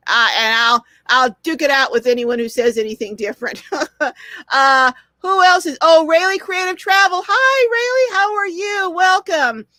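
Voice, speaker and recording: A woman's voice: high-pitched, steady tone, moderate pace, bright, forceful tone, no room sound. An older woman hosting a live stream, reading viewer comments aloud and greeting each viewer with effusive chatter.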